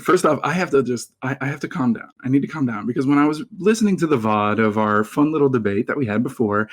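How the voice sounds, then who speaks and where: A man's voice: mid-range voice, fast talker. A man from Baltimore calling into a heated debate, mocking and sarcastic, laughing at the other side. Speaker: guest caller.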